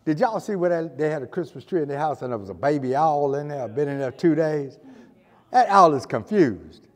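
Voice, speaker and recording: A man's voice: on the high side, expressive, a little fast, in a large hall, some chatter behind. A male pastor preaching a fervent sermon, repeating phrases and hurling rhetorical questions at the congregation. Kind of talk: fiery sermon. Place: church sanctuary.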